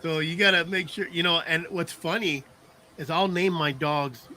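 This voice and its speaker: A man's voice: on the high side, steady tone, normal speed, sharp tone. A middle-aged man telling rambling stories in casual chat, laughing often and checking in with "you know what I mean". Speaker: podcast co-host.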